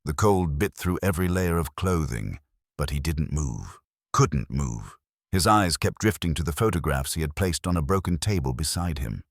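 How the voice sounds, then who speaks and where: A man narrating a scripted story in a slow, solemn, measured way. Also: rumbling low, expressive, no echo, clean studio sound.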